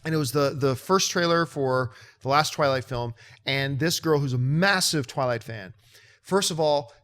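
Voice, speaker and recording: A man hosting a movie show, chatting casually and telling a story with lively mimicry of other people. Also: normal speed. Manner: animated storytelling, mimics others in high excited voice. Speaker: show host. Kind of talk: casual chat.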